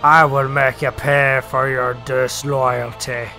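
Undead pirate master voiced by a man: slow, gravelly, loud, menacing game villain. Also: medium pitch, little pitch movement, soft background music. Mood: threatening. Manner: slow, growled villain delivery. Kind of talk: let's play dialogue reading.

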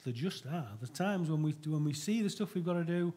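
A man's voice: on the high side, expressive, fairly quick, mellow. A middle-aged man preaching a sermon to his church in an earnest, conversational way, often restarting his sentences.

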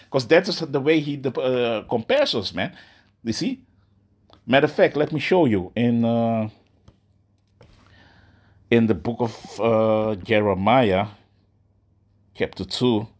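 A man preaching in a loose, conversational way, tagging "man" onto nearly every phrase. He stumbles and restarts as he goes, and slows right down to read scripture aloud. His voice sits at a middle pitch for a man. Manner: ends nearly every phrase with "man", restarts often, reads verses slowly. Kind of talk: informal sermon with scripture reading.

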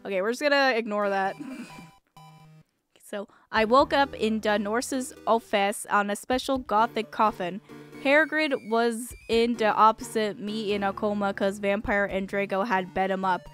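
A woman's voice: mid-range voice, steady tone, unhurried, a bit bright, soft background music. A woman streamer reading a fan fiction aloud, breaking off for dry, mocking asides. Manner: dry, mocking asides between read passages.

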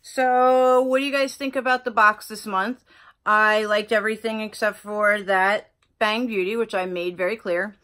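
A woman's voice: mid-range voice, normal speed. A woman beauty vlogger chatting casually through an unboxing, gushing and exclaiming over the products. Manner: gushing, excitable, lots of exclamations.

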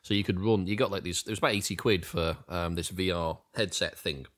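A man's voice: deep voice, fairly quick. A man co-hosting a gaming podcast, joking and telling stories in casual chat. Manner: animated, jokey, mild swearing. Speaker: podcast co-host. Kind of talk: casual chat about tabletop games.

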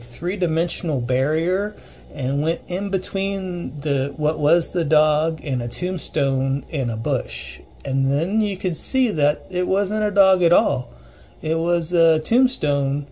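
A man telling a personal ghost story in a casual, earnest way, pausing and restarting as he recalls the details. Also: on the high side, dark tone, a little hiss or hum. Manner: earnest, halting retelling with restarts and vivid detail.

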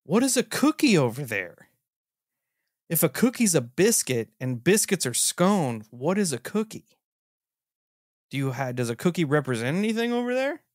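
A man hosting a podcast in casual chat, teasing and incredulous, with lots of animated reactions. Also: fairly high pitch, moderate pace, dry recording, studio quality. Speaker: podcast host.

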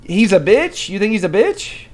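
A man streaming a video game, talking in crude, mock-aggressive trash talk that bursts into shouting. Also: high voice, very animated, moderate pace, slight background noise. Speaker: gaming streamer.

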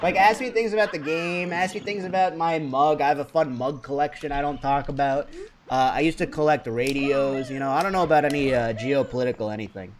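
A man streaming a game in casual chat, often breaking into giggles and dropping into a hushed mock-serious voice. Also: a little high, fairly quick, music in the background. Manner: giggly, breaks into fits of laughter. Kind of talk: casual livestream chat while gaming.

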